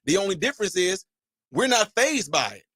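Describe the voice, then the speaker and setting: Male call-in host, middle-aged, high pitch, animated and emphatic, dry close sound. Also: a little fast, dry recording. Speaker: host taking callers. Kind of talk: livestream commentary.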